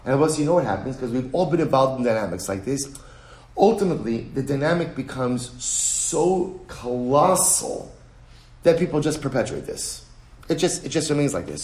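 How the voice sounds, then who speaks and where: A man teaching a text study lesson in an animated way, full of rhetorical questions. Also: fairly high pitch. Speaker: Talmud teacher. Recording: roomy echo.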